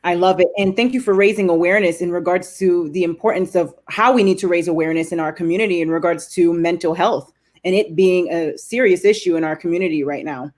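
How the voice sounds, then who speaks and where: A woman's voice: on the low side, fast, darkish tone. A woman hosting an interview, courteous in manner and saying "ma'am" to her guest. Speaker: interview host.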